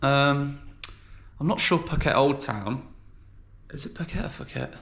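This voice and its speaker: A man's voice: medium pitch, takes it slowly, fairly bright tone. A man talking casually to camera as a travel vlogger, rambling and wondering aloud. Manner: chatty, rambling, self-questioning. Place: outdoors, windy, traffic around.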